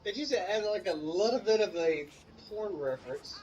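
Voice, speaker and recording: A man's voice: high-pitched, animated, moderate pace, darkish tone, distant mic, rough recording. A young man from Mississippi with a Southern US accent, telling a rambling casual story while playing a video game and breaking off to react to the game. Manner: rambling, many fillers and asides to the game. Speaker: gaming channel co-host. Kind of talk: casual storytelling over gameplay.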